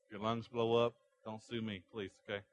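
A man's voice: fairly low pitch, level tone, fairly quick. A man preaching a sermon to a congregation, building energy with rhetorical questions. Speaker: pastor. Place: church sanctuary.

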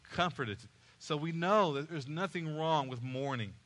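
A man's voice: on the high side, unhurried, a bit bright. A male pastor preaching a sermon, repeating key phrases and rising in passion as he goes.

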